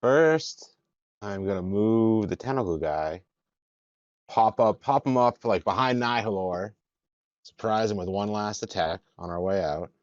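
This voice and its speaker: A man playing in a tabletop game, slowly and deliberately announcing his moves and rolls. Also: on the low side, darkish tone, dry recording, lo-fi sound. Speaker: player. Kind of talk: casual tabletop game chat.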